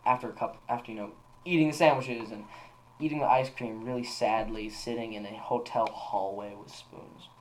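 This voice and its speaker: A man's voice: mid-range voice, fairly even intonation, brisk, slight background noise, low-quality recording. A young man co-hosting a podcast, telling a story in rambling casual chat with lots of fillers and restarts. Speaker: podcast co-host.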